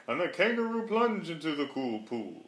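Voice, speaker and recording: A man's voice: a little high, big pitch swings, normal speed, a bit bright. Sing-song man reading a rhyming storybook. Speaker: reader. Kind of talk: storybook read-aloud. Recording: roomy echo.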